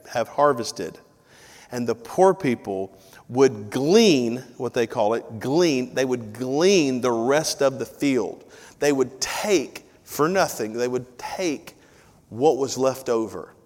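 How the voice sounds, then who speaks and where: A man's voice: medium pitch, darkish tone. A male pastor delivering a live sermon, mixing casual asides and self-deprecating jokes with repeated lines for emphasis. His mid-range voice rings out with a long reverb tail from the sanctuary. The delivery is conversational rather than formal. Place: church sanctuary. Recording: live church audio with long hall reverb.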